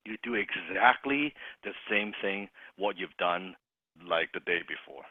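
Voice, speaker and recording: A man's voice: lowish voice, moderate pace, dry recording. Laughing male sales coach, tinny call. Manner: animated, laughs often, restarts phrases. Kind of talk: sales training role-play demo.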